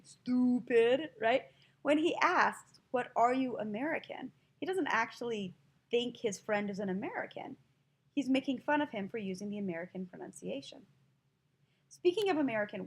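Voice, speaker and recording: High-voiced woman teaching a class. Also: slightly rough. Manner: explains slowly, spells words out letter by letter. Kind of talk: listening lesson for language learners.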